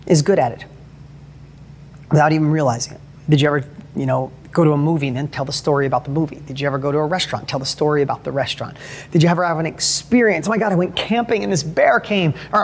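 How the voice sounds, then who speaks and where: High-voiced middle-aged man telling stories. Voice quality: high-pitched voice. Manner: animated, earnest, restarts and self-corrections. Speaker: motivational speaker. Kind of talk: motivational talk with storytelling.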